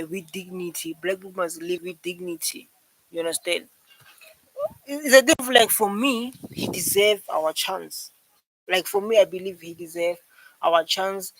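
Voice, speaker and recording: A man's voice: high voice, gravelly, a bit bright, rough recording. A man reacting to a speech in casual, rambling commentary, emphatic and repeating himself. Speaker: reaction video host.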